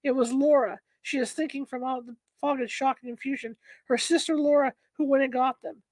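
High-voiced woman reading a story. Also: steady tone, brisk, a little mellow, no echo, low-quality recording. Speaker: narrator. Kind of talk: read-aloud story narration.

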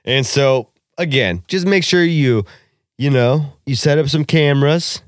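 A man's voice: mid-range voice, a little slow, no room sound, studio quality. A man co-hosting a podcast in casual chat, profane and joking, laughing often. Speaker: podcast co-host.

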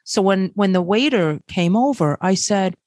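A woman hosting a casual chat, animated and full of exclamations. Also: mid-range voice, moderate pace, dry recording, studio quality.

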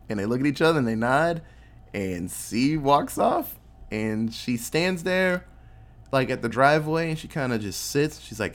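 A medium-pitched man recounts a movie's story casually at a moderate pace, animatedly voicing the characters' lines and swearing freely along the way.

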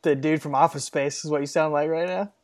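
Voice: mid-range voice, steady tone, brisk. A podcast co-host reading out a wrestling recap in a casual, dry, matter-of-fact way.

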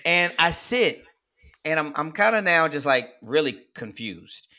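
A man in his forties with a bright, forceful voice that sits a little high for a man. He tells a story in an animated way and laughs through his own lines in relaxed conversation. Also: unhurried. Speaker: guest storyteller. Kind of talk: casual chat, storytelling.

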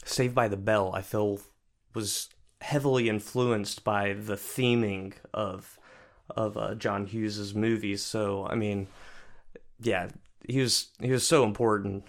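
A man's voice: lowish voice, fairly even intonation, takes it slowly. A man in his thirties on a podcast, easygoing, casually reminiscing about childhood movies. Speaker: podcast co-host. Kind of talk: casual chat.

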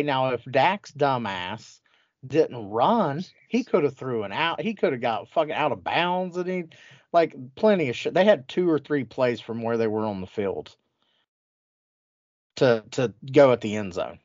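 Male sports podcast host, mid-pitch, crude and mocking, dry, slightly muffled recording. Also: no echo. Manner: mocking, crude, animated storytelling. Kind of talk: profane sports banter.

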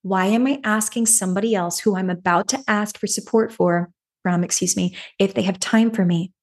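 This podcast host is a woman whose mid-range, darkish voice moves at normal speed. Earnest in manner, she tells a personal story and gives self-help advice, often repeating phrases and throwing in a questioning "right?".

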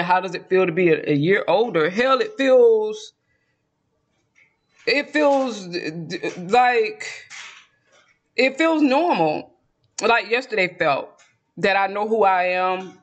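A man's voice: sits high, expressive, slow, long pauses, a bit bright. A man from South Georgia with a Southern Georgia accent, talking in a rambling, chatty vlog monologue and laughing often. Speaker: vlogger.

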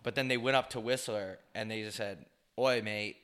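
A young man trades crude jokes and rambling stories with his co-host, his voice bright and forceful. He talks in loose, animated casual chat. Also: fairly low pitch, brisk, clear, resonant tone. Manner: crude, joking, animated storytelling. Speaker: podcast co-host.

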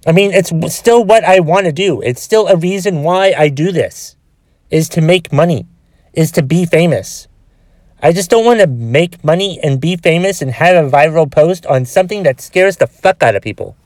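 A man's voice: fairly high pitch, lively intonation, normal speed, darkish tone, no echo. A man with a cold hosting a solo podcast, frustrated and swearing heavily as he rambles with restarts. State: has a cold with a cough. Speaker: podcast host.

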